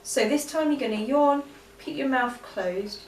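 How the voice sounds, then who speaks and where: Woman coaching singing, slightly high voice, echoey room, bit far from the mic. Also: a little slow, slight background noise. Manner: relaxed, chatty, many ums. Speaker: singing teacher. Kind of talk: vocal exercise lesson.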